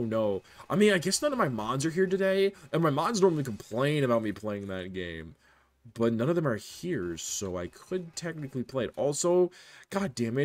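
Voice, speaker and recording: A young man streaming a game live, chatting casually and joking as he reads his chat aloud. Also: medium pitch. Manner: animated, jokey, reads chat aloud, often laughs.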